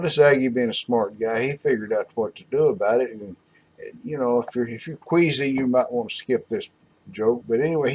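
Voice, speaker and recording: A folksy man rambles through a long joke. His voice sits at a middle pitch, drawling and easy. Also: a little mellow, breathy edge.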